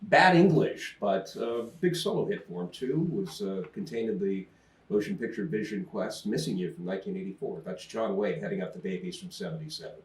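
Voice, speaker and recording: A man's voice: fairly low pitch, brisk. A man co-hosting a casual sports talk show, chatting easily with frequent fillers. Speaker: co-host. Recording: roomy echo, voice distant from mic.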